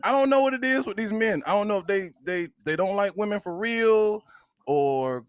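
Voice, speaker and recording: A man's voice: sits high, lively intonation, moderate pace, clean tone, no room sound. A man hosting a casual podcast, talking animatedly and repeating words as he builds his point. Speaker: podcast host.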